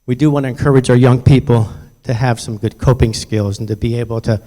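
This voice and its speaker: Older man, presenter, conversational storytelling, plain mid-pitched voice. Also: steady tone, fairly quick, dark tone. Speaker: bullying prevention presenter. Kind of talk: presentation to parents.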